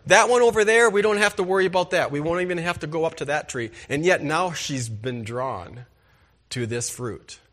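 A man's voice: a little high, normal speed, a bit bright. A man preaching a sermon as pastor, emphatic and asking the congregation rhetorical questions.

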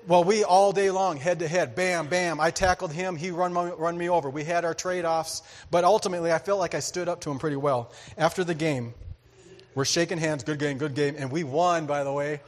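A man preaching a sermon, telling a story with lively energy, acting out voices and laughing often. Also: on the high side, fairly quick. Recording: hall reverb.

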